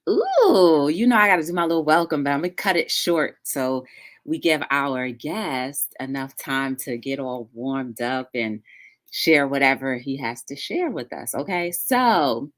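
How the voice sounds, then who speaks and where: A woman hosting a live-streamed talk show, greeting chat viewers by name in a lively, sing-song way. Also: very deep voice, normal speed, no echo.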